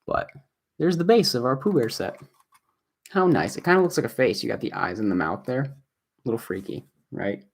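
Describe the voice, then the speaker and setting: A man's voice: medium pitch, animated, fairly quick, vocal fry, slightly rough. A man streaming from his apartment, chatting casually and rambling as he reads viewer comments aloud while he builds. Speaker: livestreamer and video creator. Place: home apartment.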